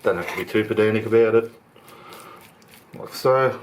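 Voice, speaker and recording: A man hosting his home cooking channel, talking through each step in a relaxed, chatty way from his kitchen. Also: lowish voice, moderate pace, background noise. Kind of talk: casual cooking demonstration.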